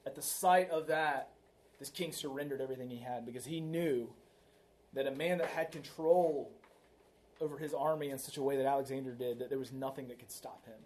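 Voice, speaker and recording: A man's voice: mid-range voice, brisk, darkish tone. A man preaching a sermon in a conversational way, often tagging his points with "right?" and telling a story to make them. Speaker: pastor.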